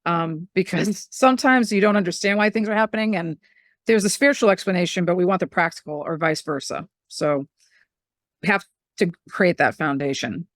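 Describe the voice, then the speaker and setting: A woman's voice: lowish voice, moderate pace, no room sound, studio quality. Chatty middle-aged woman telling stories. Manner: chatty, animated, acts out quoted voices. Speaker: medium and spiritual teacher, podcast guest. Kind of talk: casual storytelling conversation.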